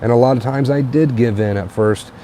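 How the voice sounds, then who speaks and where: A young man hosting a late-night livestream on a tablet, a little tired, relaxed and repetitive, with plenty of uh and um. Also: medium pitch, fairly quick, slight background noise. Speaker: livestream host. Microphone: tablet mic.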